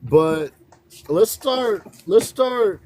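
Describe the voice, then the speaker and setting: A man hosting an interview, asking gentle and hesitant questions. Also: high-pitched, lively intonation, extremely slow. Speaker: host. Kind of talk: casual interview.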